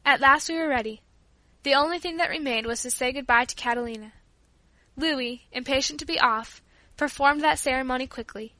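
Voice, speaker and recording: Bright-voiced woman reading an audiobook. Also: high voice, fairly quick, dry recording. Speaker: audiobook narrator.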